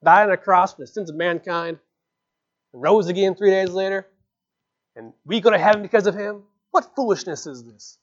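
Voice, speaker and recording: A man's voice: sits high, normal speed, natural voice. A man voicing a pompous, scoffing philosopher with a put-on English accent and a plummy drawl, in a dull lo-fi recording.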